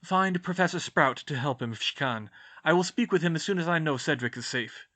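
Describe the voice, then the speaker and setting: A man voicing a calm, commanding old wizard headmaster giving orders in a storybook reading. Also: a little high, a little fast.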